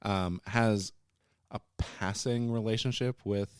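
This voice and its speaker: A man's voice: lowish voice, fairly even intonation, slow, smooth, no echo, clean studio sound. A man co-hosting a podcast, retelling a story in casual chat and breaking into playful silly voices for the characters. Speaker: podcast co-host.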